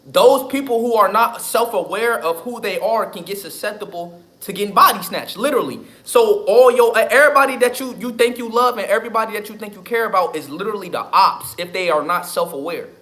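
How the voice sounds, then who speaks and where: A man's voice: sits high, a little fast, hardly any pauses, fairly bright tone. A man, talking casually and emphatically on a live stream, profane and repetitive. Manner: emphatic, profane, repeats himself. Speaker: livestream host. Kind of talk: casual livestream talk.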